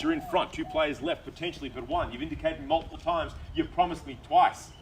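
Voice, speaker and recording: Australian man, auctioneer, rapid bid calling, distant outdoor recording, noisy background. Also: a little high, fairly even intonation. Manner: fast, persuasive auction patter with repeated bid calls. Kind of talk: live property auction calling.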